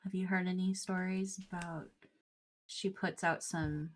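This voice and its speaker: A woman's voice: lowish voice, fairly even intonation, measured pace. Woman player explaining her moves. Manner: thoughtful, explaining her choices. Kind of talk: casual tabletop play.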